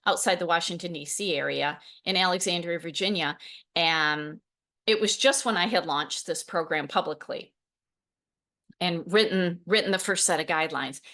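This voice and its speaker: A woman in her forties hosting a podcast, telling stories with lively laughs and acted quotes. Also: on the low side. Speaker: podcast host, program founder. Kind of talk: solo podcast talk.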